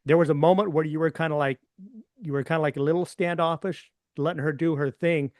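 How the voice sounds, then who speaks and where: A man's voice: a little high, steady tone, fairly quick, darkish tone, dry recording. A man hosting an interview, asking long questions that he often restarts. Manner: rambling, restarts his questions. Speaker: podcast host.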